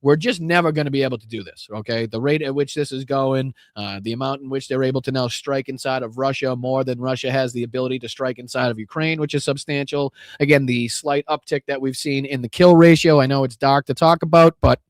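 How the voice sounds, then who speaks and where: A man with a Boston accent and a mid-range voice hosts a live political podcast, speaking a little fast with fairly even intonation and hardly any pauses. He talks bluntly and profanely, full of fillers and restarts. The sound is clean studio audio with no room sound.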